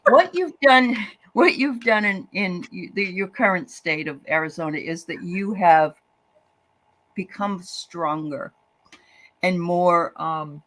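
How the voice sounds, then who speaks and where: Chatty, joking woman show host. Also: on the low side. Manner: lively, chatty, quick to joke and laugh. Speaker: host of a live spiritual show. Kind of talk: live show chat and spirit readings.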